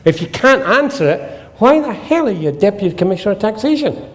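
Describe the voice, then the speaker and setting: A man's voice: high voice, sing-song, fairly quick. A man, giving a humorous seminar talk to a live audience as the presenter. He tells jokey stories and acts out the dialogue in them.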